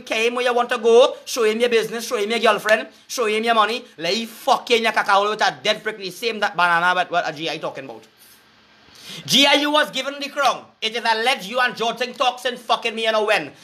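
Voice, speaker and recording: A man's voice: high-pitched, pushed and bright. A man with a Trinidadian accent giving a crude, preachy rant, breaking into sing-song chants. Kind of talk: profane rant to camera.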